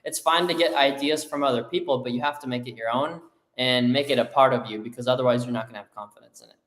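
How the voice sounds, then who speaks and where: A man's voice: mid-range voice, quick pace, fairly bright tone. A man with a mid-range voice speaking firmly and with drive, co-hosting a motivational live stream. He backs up his partner's points with conviction. His voice rings in an echoey room. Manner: firm, affirming, driven. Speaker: co-host. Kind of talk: motivational live show talk.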